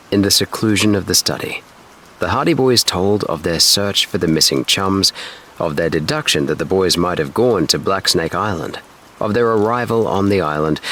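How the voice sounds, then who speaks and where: Deep-voiced man reading a bedtime story. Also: slight background noise. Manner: slow, steady, soothing. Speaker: narrator.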